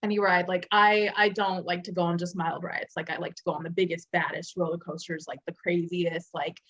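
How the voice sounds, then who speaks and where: A woman's voice: fairly low pitch, level tone, a little fast, a bit bright, dull audio. A young woman co-hosting a podcast in casual chat, talking loosely with lots of fillers. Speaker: podcast co-host.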